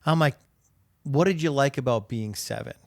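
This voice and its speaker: A man in his thirties co-hosts a casual podcast and tells reflective stories about his children. His voice has a gravelly edge. The sound is close and dry. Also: medium pitch, moderate pace, dry recording. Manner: storytelling, reflective, fond of his kids. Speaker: podcast co-host. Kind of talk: casual chat.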